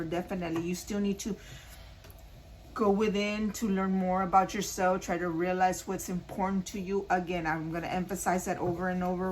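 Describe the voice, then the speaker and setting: A woman's voice: lowish voice, a little mellow, slight background noise, poor audio. A woman doing a casual spoken tarot reading, talking straight to her viewers and repeating her points earnestly. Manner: repetitive, earnest, addresses viewers directly. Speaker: tarot card reader.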